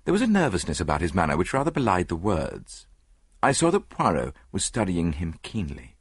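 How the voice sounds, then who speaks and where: Man, audiobook narration, husky, low, very animated pitch, dry close mic. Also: no echo. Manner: measured first-person storytelling. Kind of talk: scripted narration.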